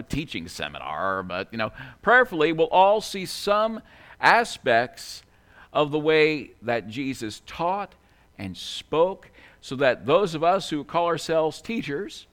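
A man delivers a sermon in a church with a slightly raised pitch. He sounds earnest and conversational, dropping in casual asides as he explains scripture to his listeners. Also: fairly bright tone. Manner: conversational, earnest, with frequent "you know". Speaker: preacher.

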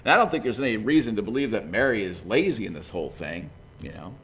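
A man's voice: fairly low pitch, expressive, fast, fairly bright tone, a little hiss or hum. A man preaching a conversational sermon in a folksy, chatty way, peppered with "you know.".

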